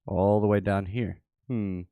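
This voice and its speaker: A man's voice: lowish voice, fairly even intonation, a little slow, warm tone, no room sound, clean studio sound. A man hosting a livestream, giving casual live chart commentary and thinking aloud with repeated phrases. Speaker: livestream host.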